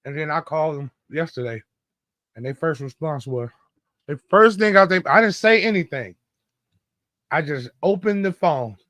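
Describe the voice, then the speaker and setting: A fired-up man in casual podcast chat, telling a story and cursing his way through it. His voice sits a little high. The sound is dry and close, with no room around it. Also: moderate pace, long pauses, no echo. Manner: animated, indignant, heavy profanity. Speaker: podcast co-host.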